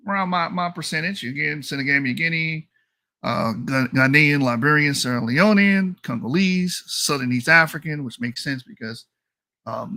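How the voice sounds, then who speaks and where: A man's voice: mid-range voice, pushed and bright, dry recording, clean studio sound. A man hosting a channel, giving blunt, mocking and profane commentary as he reacts to results on screen. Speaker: channel host.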